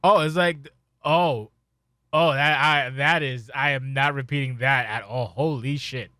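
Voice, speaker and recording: A man hosting a casual podcast, talking in an excitable, profane, rambling way. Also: medium pitch, unhurried, no echo, clean studio sound. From Spanish heritage. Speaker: podcast host.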